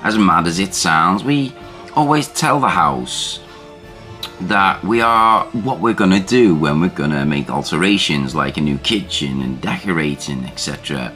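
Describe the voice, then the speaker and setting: A man narrating a first-person ghost story as a scripted reading, in a measured, deliberate way. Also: sits low, expressive, sharp tone, soft background music.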